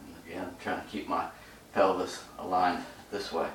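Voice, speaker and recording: A stretching instructor walks through his routine while holding each position, his low voice broken into short phrases as he catches his breath, sounding winded. The delivery is flat, at normal speed and with a fairly bright tone, recorded by a distant mic in an echoey room with faint ambient noise.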